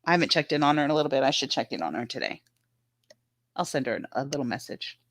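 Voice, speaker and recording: A woman's voice: extremely low pitch, sing-song, fast, dry recording. A woman chatting casually on a live stream, laughing often and telling stories about her dog.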